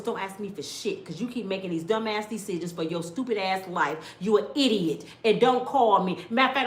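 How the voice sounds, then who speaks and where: A middle-aged woman telling stories in a blunt, animated way, sometimes mimicking other people's voices. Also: mid-range voice, reverberant. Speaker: storyteller. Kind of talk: casual storytelling rant.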